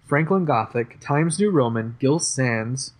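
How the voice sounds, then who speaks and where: A young man in casual conversation, with a voice of middling pitch. He rambles and hesitates, fills gaps with "um" and "uh", and often starts his sentences over. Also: expressive, measured pace. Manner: chatty, hesitant, many fillers and restarts. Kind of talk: casual chat about typography.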